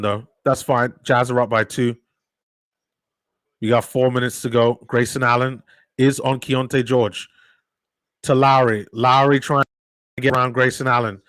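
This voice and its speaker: A man giving live play-by-play commentary as a fan on a watch-along stream, sighing in disbelief and getting loud when his team scores. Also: mid-range voice, no room sound. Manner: excitable fan, swings from sighing disbelief to shouting.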